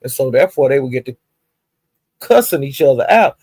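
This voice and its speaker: A woman's voice: extremely low pitch, animated, a little fast, warm tone, slightly rough, no room sound. Chatty woman dishing gossip, dry sound. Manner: chatty, profane, laughing asides. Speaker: gossip vlogger. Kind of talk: casual gossip storytelling.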